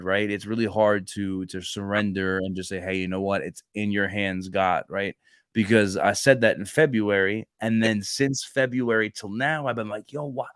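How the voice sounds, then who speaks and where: A man in his thirties with a fairly low voice tells stories in a casual podcast chat. He acts out the dialogue with lively bursts of energy and often restarts his sentences. The recording is dry and close, with no room sound. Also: smooth, no echo. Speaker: podcast co-host. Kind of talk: casual faith chat, storytelling.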